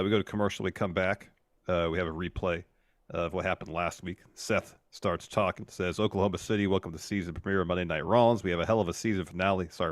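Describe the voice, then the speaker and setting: A man's voice: low-pitched, dry recording, studio quality. A man co-hosting a podcast, narrating events play by play and hamming up quoted lines. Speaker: podcast co-host. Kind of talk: casual recap chat.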